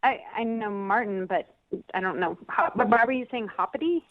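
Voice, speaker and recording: A woman with a medium-pitched voice calls into a radio show, speaking at normal speed over a tinny telephone line with no room sound. She talks hesitantly and restarts often.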